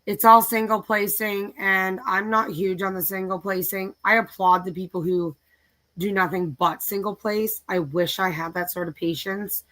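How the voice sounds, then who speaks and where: A woman's voice: mid-range voice, steady tone, moderate pace, a bit bright. A middle-aged woman hosting a casual craft live stream, chatting and listing her projects aloud in a tired, easygoing way. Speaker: craft channel host.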